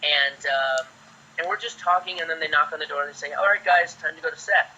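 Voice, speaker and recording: A man in his forties, an actor guest, telling chatty, lively anecdotes in a casual way. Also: a little high, a little fast, slight background noise. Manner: lively, chatty, acts out quotes. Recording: dull lo-fi sound.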